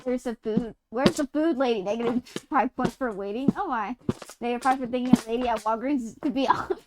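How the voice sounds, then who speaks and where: Her voice sits a little high and moves briskly, though the recording is very noisy. She's a streamer from Utah, gaming while she rambles through a casual story, cursing and laughing partway through her sentences.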